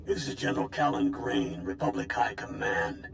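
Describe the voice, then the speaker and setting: A man voicing a gruff veteran army general in a video game, with a grizzled, old-sounding voice and clipped military orders. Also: medium pitch, expressive, moderate pace, slight background noise. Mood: stern.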